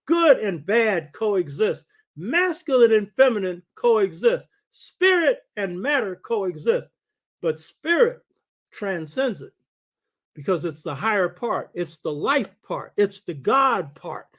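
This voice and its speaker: An older man with a notably high voice gives a lecture-style talk as host of his show. He speaks in a rolling preaching cadence and keeps checking in with his listeners for agreement. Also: very animated, slow, a bit bright.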